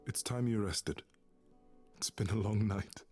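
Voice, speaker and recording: A man's voice: on the low side, measured pace, a little mellow, husky, soft background music. A man voicing the protective grown son of a goddess, earnest and caring.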